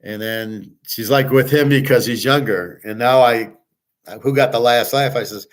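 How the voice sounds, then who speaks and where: A man's voice: medium pitch, steady tone, moderate pace. An older man hosting a show, talking in a rambling, blunt personal monologue with frequent profanity. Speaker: show host.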